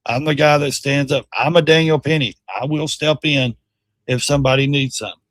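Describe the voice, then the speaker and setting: A man's voice: on the high side, steady tone, a little fast, fairly bright tone, no echo. A middle-aged man hosting a livestream, bluntly and animatedly commenting on clips, swearing and mocking. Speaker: livestream host. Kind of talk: casual commentary.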